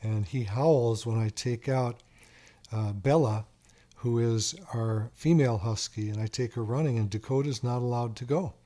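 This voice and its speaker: A middle-aged man with a warm, mid-range voice hosts a call-in radio talk show as a doctor. He chats casually and tells stories, and he repeats the phone number slowly.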